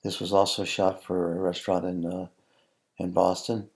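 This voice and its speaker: A man, a food photographer, talking through his photos in a relaxed, halting way with many ums and restarts. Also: low-pitched, gravelly. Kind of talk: casual tutorial narration over photos.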